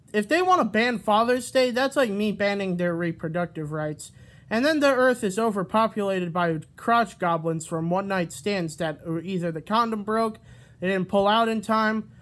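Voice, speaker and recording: A man's voice: high-pitched, animated, moderate pace, a bit bright. A man ranting at his camera in a rambling, profane vlog, often stopping to restart and correct himself. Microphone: camera mic.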